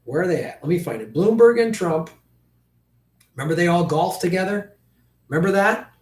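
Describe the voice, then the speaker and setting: Male political streamer, higher-pitched, blunt and profane, roomy and slightly distant sound. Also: expressive, moderate pace. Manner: blunt, profane, talks directly to chat viewers. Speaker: political livestream host. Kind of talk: livestream commentary.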